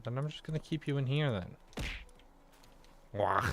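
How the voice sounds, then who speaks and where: A man's voice: medium pitch, animated, unhurried, vocal fry, a little hiss or hum. Rambling American man playing a game. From United States. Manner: rambling, chatty musings while talking to game characters. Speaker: gaming video creator. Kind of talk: casual let's-play commentary.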